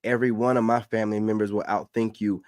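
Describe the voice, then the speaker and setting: Man from the Carolinas, lecturing reaction host, lowish voice, dry close sound. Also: level tone, fast talker, a little mellow, dry recording. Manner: lecturing, repeats points for emphasis. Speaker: commentator reacting to clips. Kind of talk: casual reaction commentary.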